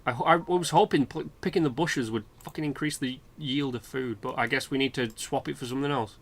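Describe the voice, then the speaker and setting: A man's voice: mid-range voice, a little fast. A British man hosting a let's play, rambling chattily and swearing freely while commenting on the game. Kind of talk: casual gameplay commentary.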